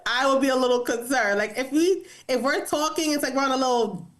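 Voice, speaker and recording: A woman co-hosting a podcast in casual chat, sassy and animated, acting out what she would say. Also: high voice, fairly quick. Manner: animated, sassy, acts out quotes. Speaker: podcast co-host.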